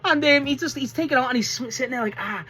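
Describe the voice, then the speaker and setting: A man's voice: very high-pitched, fast, pushed and bright, breathy edge. A man reviewing a wrestling show in a casual, rambling way, swearing often and laughing mid-sentence. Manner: rambling, full of restarts and filler.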